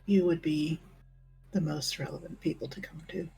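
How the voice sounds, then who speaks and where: A woman player in a tabletop game, speaking softly and politely. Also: low-pitched, fairly even intonation, moderate pace, vocal fry, soft background music. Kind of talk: tabletop role-play.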